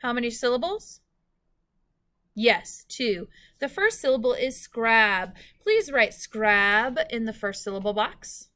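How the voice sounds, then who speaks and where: A woman teacher giving a recorded phonics lesson, speaking slowly and clearly and stretching out words for students. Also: a little high, animated, pushed and bright.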